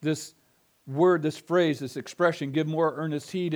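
A man's voice: a little high, steady tone, measured pace, a little mellow. A middle-aged male pastor preaching an expository sermon, emphatic and given to repeating phrases with building intensity.

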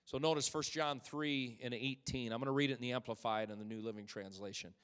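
A male pastor preaching a sermon, moving between loud, rising exhortation and quiet, close storytelling. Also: medium pitch, fairly even intonation, fairly quick, smooth. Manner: swings from loud exhortation to soft intimate storytelling. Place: church sanctuary. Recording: long hall reverb.

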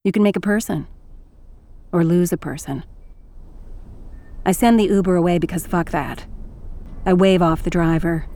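A woman narrating a first-person audiobook in a sardonic, profane, fast-talking voice. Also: fairly low pitch, mellow.

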